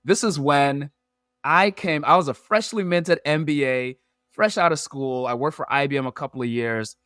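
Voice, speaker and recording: A man, a podcast guest who explains his points through lively analogies and metaphors. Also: on the high side, moderate pace, smooth, no room sound, clean studio sound. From Nigeria. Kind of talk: animated storytelling in an interview.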